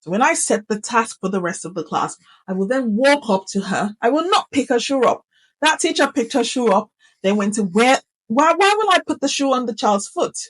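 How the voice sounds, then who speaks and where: A middle-aged woman teacher explaining classroom management in an animated, emphatic way, often repeating key phrases for effect. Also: on the high side, normal speed, breathy edge, poor audio. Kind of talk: instructional talk to camera.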